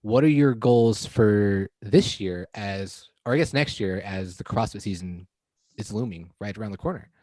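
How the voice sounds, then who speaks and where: A man's voice: fairly low pitch, moderate pace, darkish tone, no room sound. A man co-hosting a podcast, chatty, laughing often and acting out his reactions. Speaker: podcast co-host. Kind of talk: casual chat.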